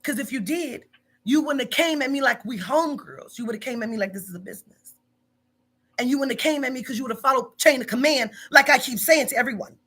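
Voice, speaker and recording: A woman's voice: sits high, expressive, fast, fairly bright tone, breathy edge. A woman in her forties, a business owner, scolding bluntly and profanely in a heated phone argument. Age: 40s.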